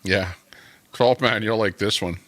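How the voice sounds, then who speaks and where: A man's voice: lowish voice, measured pace, a bit bright, no room sound. A man hosting a live stream, chatting casually and reading from the screen. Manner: chatty, reads along from the screen. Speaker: stream host.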